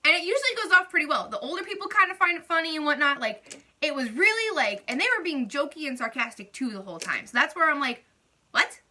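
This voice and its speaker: Young woman, vlog rant; high, very bright tone, chatty and animated. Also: quick pace. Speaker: beauty vlogger. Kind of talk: casual venting vlog.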